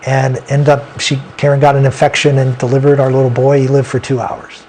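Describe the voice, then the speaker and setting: A man as an interview guest, telling a personal story in an earnest, halting way with frequent restarts. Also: medium pitch, monotone, darkish tone, slight background noise.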